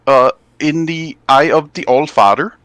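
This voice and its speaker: A man voicing a huge, earnest male frost giant who speaks with a Canadian accent, in a halting, formal way with many pauses. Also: on the high side, a bit bright, pitched above the performer's own voice.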